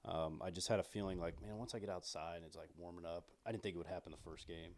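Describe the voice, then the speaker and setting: A man, a former pro pitcher, speaking in a relaxed, casual way, full of fillers. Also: quick pace. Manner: relaxed, frequent fillers and "you know". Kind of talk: casual interview chat.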